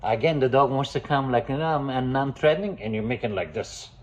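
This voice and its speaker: A man's voice: medium pitch, a little fast. A man giving casual dog-training advice, emphatic and constantly calling the viewers "guys". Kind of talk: casual instructional talk. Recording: dull lo-fi sound.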